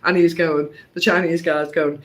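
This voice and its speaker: A man's voice: fairly high pitch, flat delivery, moderate pace, fairly bright tone. A man telling a travel story in casual conversation, often checking with his partner. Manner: conversational, often asks "didn't we?", laughs. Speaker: co-host.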